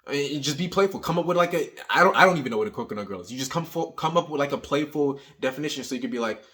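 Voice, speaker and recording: A young man giving casual dating advice, energetic and teasing, tagging his points with "right?". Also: mid-range voice, very fast. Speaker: dating coach. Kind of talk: casual coaching monologue.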